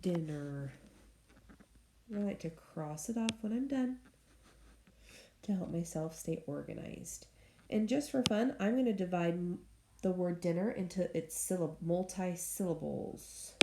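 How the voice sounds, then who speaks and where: A woman teacher leading a recorded phonics lesson for young students, speaking slowly and clearly and cheering them on as she sounds out words. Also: lowish voice. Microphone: tablet screen recording. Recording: echoey room with faint noise.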